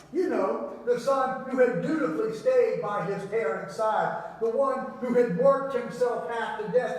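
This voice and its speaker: A man preaching a sermon, telling the story with big swings between loud and hushed delivery. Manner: animated storytelling with wide swings in pitch and volume. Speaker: pastor. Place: church sanctuary. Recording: very echoey church hall, mic at a distance.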